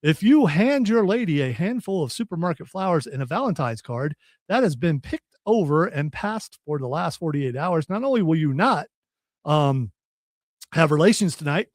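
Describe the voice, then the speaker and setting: A man's voice: a little high, sing-song, normal speed, dry recording, studio quality. A man hosting a local radio and stream show in casual chat, joking around with his co-hosts. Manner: jokey, drops into silly put-on voices. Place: radio studio.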